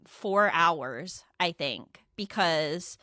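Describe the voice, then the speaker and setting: A young adult woman co-hosting a podcast, retelling a story in casual chat, animated and profane, acting out quoted dialogue. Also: on the low side, extremely slow, no echo, clean studio sound. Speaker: podcast co-host.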